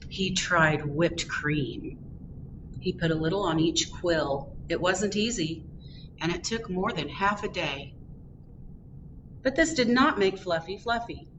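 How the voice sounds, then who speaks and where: Slow, expressive woman reading a children's story. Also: on the low side, dull audio, background noise. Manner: slow, expressive and gently animated. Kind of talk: children's storytime read-aloud.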